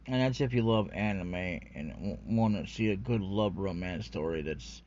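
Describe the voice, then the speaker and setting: A man's voice: low-pitched, normal speed, darkish tone, slight background noise. A man ranting in a rambling, unscripted way about anime, profane and full of fillers, on a dull lo-fi recording. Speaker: anime commentary vlogger.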